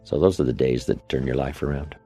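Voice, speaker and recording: Gravel-voiced man, very deep and husky, telling folksy stories from a stage. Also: steady tone, fairly quick, warm tone, soft background music. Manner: folksy anecdotes with asides to the audience. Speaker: motivational speaker. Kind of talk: storytelling motivational speech.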